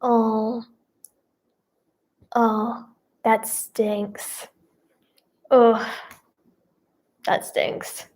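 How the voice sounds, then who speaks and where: A teenage girl with a high, youthful voice chats to her viewers in a slow, meandering way. She fills every pause with "like", "um" and "yeah" as the story drifts along. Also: little pitch movement, darkish tone. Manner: rambling, heavy with "like" and "yeah" fillers. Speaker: vlogger and singer. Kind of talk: casual storytime chat to camera.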